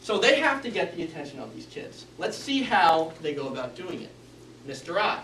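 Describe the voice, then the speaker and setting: A man gives a prepared Toastmasters club speech about speaking skills, instructive and varied in inflection. His voice sits on the high side with big pitch swings, a sharp tone, and normal speed. The mic is distant in an echoey room, with a little hiss or hum.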